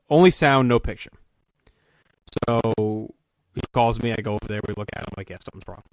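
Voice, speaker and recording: A man co-hosting a podcast, telling a long profane story as an animated rant in casual chat. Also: mid-range voice, no room sound. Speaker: podcast co-host.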